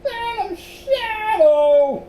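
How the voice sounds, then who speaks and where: A man's voice: extremely high pitch, expressive, extremely slow, mellow, a little hiss or hum, voice pushed up, exaggerated voice. A man voicing Miles, a timid, jittery young boy who squeals in panic. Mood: frightened. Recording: roomy echo.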